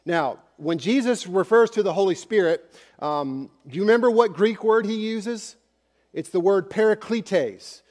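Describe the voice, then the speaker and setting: A male pastor preaching in a casual, direct way, as if chatting with the people in the pews. His voice sits a little high for a man. The sound rings with the long reverb of a church sanctuary. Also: a little slow, a little mellow. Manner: conversational, speaks straight to the congregation. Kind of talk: sermon.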